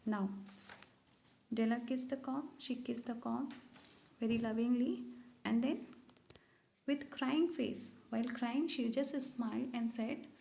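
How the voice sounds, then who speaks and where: Gravelly-voiced woman explaining an English story. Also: fairly high pitch, unhurried, pauses often, warm tone, roomy sound, poor audio. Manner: reads a passage aloud, then restates it in simple words. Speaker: English teacher.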